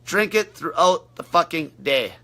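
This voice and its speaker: Man, blunt foul-mouthed livestream Q&A, fairly high voice, very bright and piercing tone. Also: expressive, measured pace. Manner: brash, profane, blunt. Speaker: diet coach answering viewer questions.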